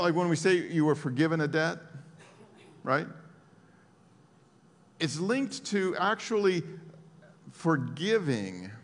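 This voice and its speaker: A man preaches in a casual, talky way, his fairly high voice leaping up and down with emphasis. A long hall reverb lingers behind him. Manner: conversational, animated preaching with asides. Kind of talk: sermon.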